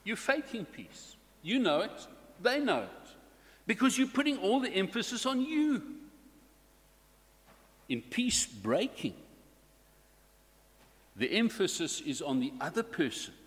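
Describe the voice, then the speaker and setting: Slow-preaching man in a reverberant hall. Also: high voice, very animated, fairly bright tone. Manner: slow, deliberate preaching with varied emphasis. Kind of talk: sermon.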